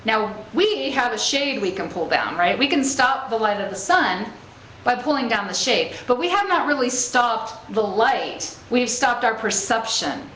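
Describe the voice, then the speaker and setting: A spiritual speaker with a fairly high, slightly bright voice gives an inspirational talk to a live group, speaking a little slowly with lively intonation. She's conversational, checking in with "okay?" and "right?" and laughing easily while telling stories, in an echoey room with faint ambient noise.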